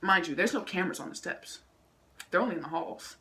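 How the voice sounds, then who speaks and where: A woman vlogger telling a story from school in an animated, slangy way, adding her own sound effects. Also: fairly low pitch, fairly quick. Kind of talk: casual storytime vlog.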